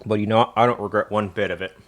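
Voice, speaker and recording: A man's voice: on the low side, fairly even intonation, rapid-fire, slight background noise. A man streaming live from a home kitchen, winded and tired. He rambles to his viewers and swears often. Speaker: livestreamer. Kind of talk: casual live-stream chat.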